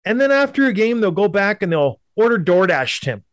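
A man's voice: high voice, big pitch swings, brisk, dry recording, clean studio sound. Blunt, emphatic Canadian man. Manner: blunt, emphatic, repeats points for effect. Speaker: hockey podcast co-host. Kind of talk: opinionated sports talk.

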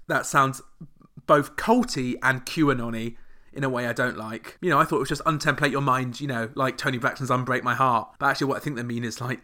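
A man hosting a comedic podcast, full of sarcastic deadpan asides. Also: medium pitch. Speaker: podcast host.

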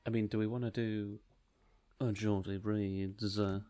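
A man co-hosting a comedy podcast, playful and quick to laugh. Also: on the low side, level tone, mellow, a little hiss or hum. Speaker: podcast co-host. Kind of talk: casual comedic chat.

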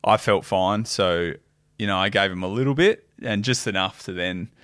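Male podcast guest, very low voice, relaxed explainer, dry close recording. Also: moderate pace, no room sound. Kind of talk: casual chat.

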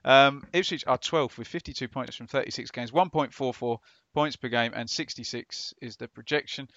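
A man co-hosting a casual football podcast, reading out stats in quick lists. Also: medium pitch, a bit bright, no echo. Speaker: podcast co-host. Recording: dull lo-fi dry recording.

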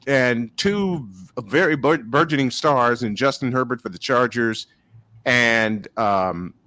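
A man from Chicago hosting a casual sports chat, animated and quick to laugh. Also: mid-range voice, no echo. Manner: lively, animated, laughs often. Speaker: host.

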